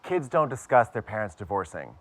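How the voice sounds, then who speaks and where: A man's voice: fairly low pitch, big pitch swings, brisk, no room sound. A man from Pittsburgh telling a personal story to a live audience with wry, self-mocking humor. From Pittsburgh, USA.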